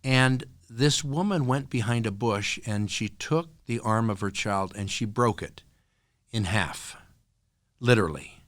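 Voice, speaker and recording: An older man with a fairly low voice speaks as a podcast guest. He tells his story in an earnest, thoughtful way, pausing often with small fillers, and the recording is dry and close. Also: a bit bright, dry recording. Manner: earnest, reflective, with frequent filler pauses. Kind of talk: storytelling interview.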